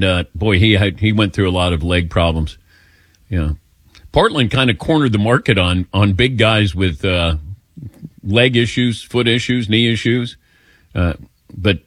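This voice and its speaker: Male talk radio host, lowish and animated, quick to laugh at himself, dry sound. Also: no echo. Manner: laughs readily, self-mocking. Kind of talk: casual call-in chat.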